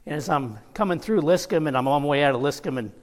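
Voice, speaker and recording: Guy pastor telling a story in his sermon, kinda high voice, church echo. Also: lively intonation, fast talker. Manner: storytelling, laughing through anecdotes. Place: church sanctuary. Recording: long reverb of a church hall.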